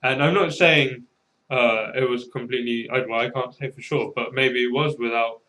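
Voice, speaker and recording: A man's voice: medium pitch, steady tone, normal speed, bright, forceful tone, rough recording. A man chatting in an informal group discussion, talking in a rambling, hesitant way and acting out little quotes. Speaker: discussion participant.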